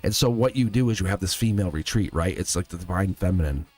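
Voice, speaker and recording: Earnest low-voiced man reading tarot. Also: animated, quick pace, darkish tone, breathy edge. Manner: earnest, emphatic, speaks straight to viewer. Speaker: tarot reader.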